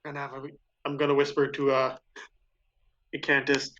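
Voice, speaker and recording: Bright-voiced casual male player. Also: medium pitch, monotone, moderate pace, lo-fi sound. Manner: casual, curious questioning. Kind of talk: casual tabletop game chat. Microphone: online voice call.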